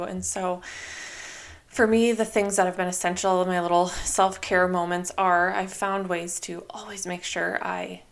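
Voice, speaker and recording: A young woman hosting her own podcast in a casual, chatty way, full of "like" and "you know", now and then quoting herself in lively voices. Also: on the low side, measured pace, creaky. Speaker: podcast host. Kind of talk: casual solo podcast talk.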